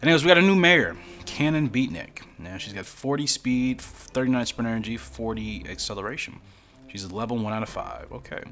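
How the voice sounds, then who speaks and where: A man's voice: mid-range voice, animated, fairly quick, a bit bright, soft background music. A man casually commenting as he plays a mobile game for his channel, rambling along with self-deprecating asides. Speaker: gaming YouTuber.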